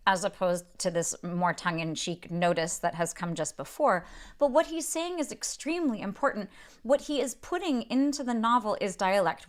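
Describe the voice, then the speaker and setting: Woman talking through a novel on her book show, mid pitch, thoughtful, restarts a lot as she explains. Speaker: book podcast host. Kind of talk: casual literary talk with read-aloud passages.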